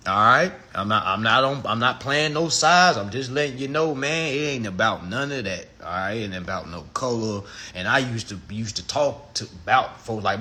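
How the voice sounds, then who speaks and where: Animated, profane man ranting to viewers. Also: medium pitch, moderate pace, hardly any pauses. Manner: profane, emphatic, acts out other people's voices. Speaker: livestream speaker.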